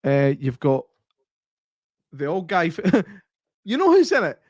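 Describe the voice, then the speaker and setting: A man, co-hosting a podcast in laughing, animated casual chat. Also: fairly high pitch, slow, dry recording, clean studio sound. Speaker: podcast co-host.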